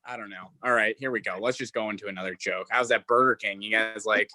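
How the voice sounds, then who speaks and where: A young man in his twenties doing stand-up with a bright, forceful tone. He talks in a halting, self-deprecating way and fills gaps with "uh" and "like". The sound is dry and close, with no room around it. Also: on the low side, fairly even intonation, no room sound. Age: 20s. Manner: halting, self-deprecating delivery with many fillers. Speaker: stand-up comic. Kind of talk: stand-up set over a video call.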